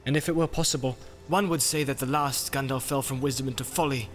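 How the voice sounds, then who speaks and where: A man's voice: medium pitch, fairly even intonation, fast talker, slight background noise, natural voice. A man reading an audiobook, voicing a proud, wise elf lord who speaks sternly and formally.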